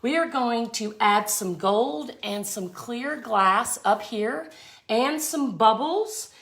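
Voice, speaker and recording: A woman's voice: fairly high pitch, lively intonation, takes it slowly, fairly bright tone. A middle-aged woman hosting a live craft tutorial, chatty and folksy, greeting viewers by name as she works. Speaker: art tutorial host.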